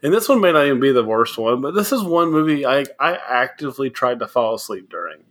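A man's voice: medium pitch, quick pace. A man co-hosting a podcast in casual chat, with dry jokes and banter. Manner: dry, joking, lively delivery. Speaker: podcast co-host.

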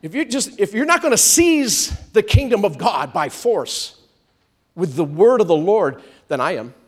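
A preacher putting on a sly, muttering devil. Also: male voice, high voice, sing-song, unhurried, full character voice. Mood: threatening. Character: scheming male devil, sly and watchful.

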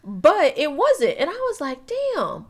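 A woman co-hosting a casual chat show, ranting in an animated, slangy way and talking to her listeners as y'all. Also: a little high, fairly quick, a loud crowd. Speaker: podcast co-host.

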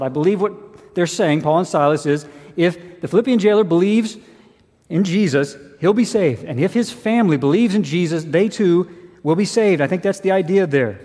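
A man's voice: fairly high pitch, normal speed, mellow. A man preaching a sermon as pastor, earnest and emphatic, asking rhetorical questions. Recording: long hall reverb.

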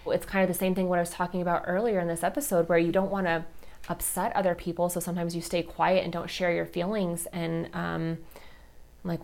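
A woman hosting a podcast, telling a personal story in a casual, chatty way, soft and tender, with lots of "like" and "you know". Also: on the low side. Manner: soft and tender when talking about grief. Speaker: podcast host.

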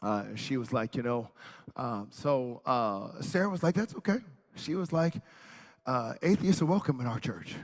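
A male pastor preaching a sermon, telling a story and then building to shouted preaching in a church. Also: medium pitch, moderate pace. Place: church hall. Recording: hall reverb.

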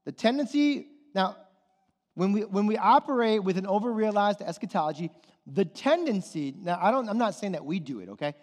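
Brisk and expressive, a high-voiced male pastor preaches a sermon in a church hall full of long reverb. He asks the congregation one question after another and keeps checking in with "okay?" and "right?".

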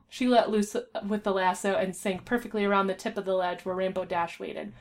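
Woman, casual story reader, stumbles and restarts, mid pitch. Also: steady tone, a little fast, hardly any pauses. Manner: stumbles and restarts while reading. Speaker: fan fiction reader. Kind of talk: casual reading aloud with voices.

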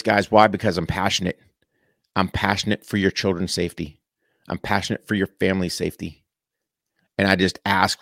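A man delivering an impassioned, preachy monologue straight to his viewers, punching key words with sudden pitch jumps and dropping into casual slang. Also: no room sound, clean studio sound. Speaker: political commentator addressing viewers. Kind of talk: impassioned direct-to-camera monologue.

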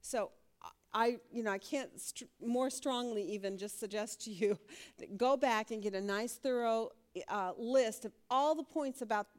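A woman teaching a Bible study class, asking questions and laughing often. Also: on the high side.

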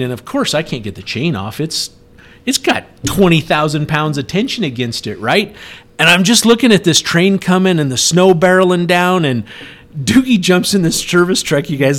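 A middle-aged man telling a story in a casual chat, animated and acting out the shouted lines. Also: fairly high pitch. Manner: animated, acts out yelled quotes.

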